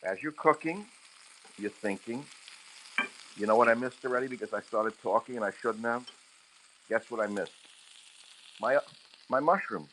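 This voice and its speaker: A man's voice: medium pitch, moderate pace, long pauses, fairly bright tone, a little hiss or hum, low-quality recording. A man talking casually while cooking on a livestream from his home kitchen. He speaks into a handheld phone and slides into crude, heated rants. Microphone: handheld phone camera. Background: sizzling frying pan.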